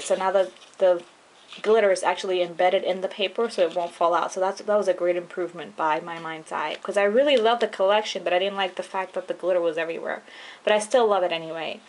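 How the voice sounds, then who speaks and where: A young woman casually walking through her handmade scrapbook album, chatty and relaxed, with frequent ums and trailing-off phrases. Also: medium pitch. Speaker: scrapbooking vlogger. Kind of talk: casual show-and-tell walkthrough.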